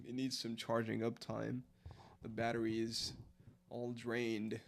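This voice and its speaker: A man's voice: medium pitch, completely flat delivery, a little slow. A man, chatting casually and rambling through a late-night live stream, answering chat as he goes. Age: 20s. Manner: rambling, filler-heavy, answers chat aloud.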